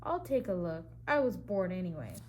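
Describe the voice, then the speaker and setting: A woman's voice: on the low side, big pitch swings, normal speed, a little mellow, slight background noise. A woman doing a proud roaring lion king. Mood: bored. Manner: roaring, haughty. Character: proud bossy male jungle lion king.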